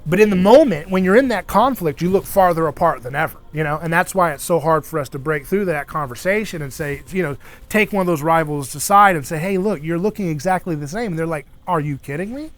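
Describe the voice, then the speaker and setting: A man hosting a casual discussion around an outdoor fire, talking in an animated way and acting out the voices he quotes. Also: a little high, fast talker. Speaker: host.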